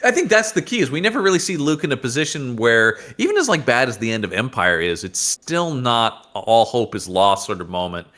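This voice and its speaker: A man's voice: medium pitch, a little fast, hardly any pauses. A man co-hosting a podcast, joking casually about a comic book and often restarting his sentences. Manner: jokey, animated, restarts sentences. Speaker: podcast co-host.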